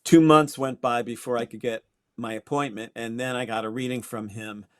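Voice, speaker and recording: A man's voice: medium pitch, steady tone, normal speed, no echo, clean studio sound. An older man from Connecticut, a guest astrologer, telling his story in a reflective way with small restarts. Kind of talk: interview conversation.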